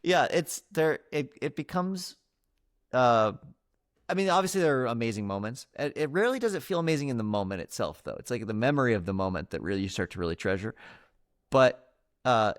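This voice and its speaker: A man's voice: medium pitch, big pitch swings, fairly quick. A man in his thirties co-hosting a podcast in casual chat, laughing often and slipping into playful voices. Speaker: podcast co-host.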